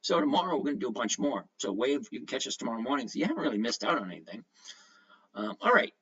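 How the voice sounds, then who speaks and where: A man's voice: mid-range voice, sing-song, fast, a bit bright. Chatty man hosting a lo-fi livestream. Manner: chatty, greets viewers by name, reads comments aloud. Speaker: livestream host. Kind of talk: casual livestream chat. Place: at home.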